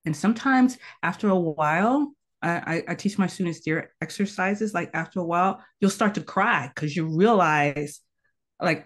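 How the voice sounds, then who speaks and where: A woman's voice: on the low side, normal speed. A woman teaching tantra as a guest in a conversational interview, earnest and instructive, laying out her advice as numbered tips.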